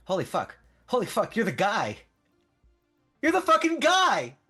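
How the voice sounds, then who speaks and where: A man puts on an overexcited young fan who shrieks in a high, strained voice and swears happily at every turn. Faint music plays underneath. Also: big pitch swings, quick pace, husky, full character voice. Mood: starstruck. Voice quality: shrill, shouting, swearing. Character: excitable young male bar fan, starstruck and loud.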